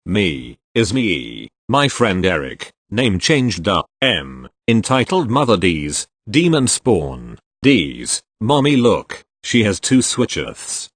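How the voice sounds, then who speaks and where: A man reads online stories aloud, his pace running uneven. His voice is low but swings lively in pitch. The sound is dry and close, with no room around it. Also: slightly rough, dry recording. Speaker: reader of online posts.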